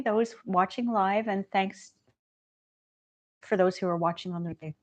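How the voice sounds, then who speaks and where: A woman hosting a casual livestream, talking in a gentle, chatty way and laughing often. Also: medium pitch, moderate pace, highs cut off. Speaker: livestream host.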